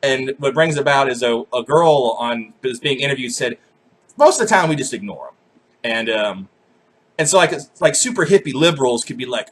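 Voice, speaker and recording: A man's voice: mid-range voice, animated, moderate pace, breathy edge. A young man vlogging a swearing, self-mocking comedic rant straight to the camera.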